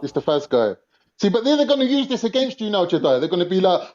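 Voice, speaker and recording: A man in his forties argues bluntly on an online panel, his speech full of street slang and quick jabs. His voice is somewhat high and dark-toned, and it comes through dull, lo-fi call audio. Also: sing-song. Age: 40s. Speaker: panel guest. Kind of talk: heated online panel debate.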